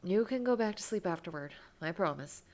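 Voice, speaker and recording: A woman voicing a tender, devoted young man as she reads a visual novel aloud, in a soft, plain reading voice. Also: lowish voice, lively intonation, a little fast.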